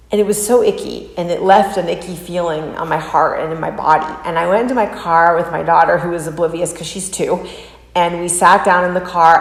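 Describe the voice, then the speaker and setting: Animated woman telling a story in an echoey room. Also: lowish voice, creaky. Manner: animated storytelling, acting out quoted voices. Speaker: reaction video host. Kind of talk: casual reaction commentary.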